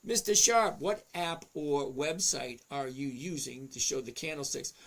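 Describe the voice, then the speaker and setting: Gravelly chatty man hosting a stream. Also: mid-range voice, a little slow. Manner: chatty, reads chat names aloud, talks to himself over charts. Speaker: livestream host answering chat. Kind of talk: casual livestream chat.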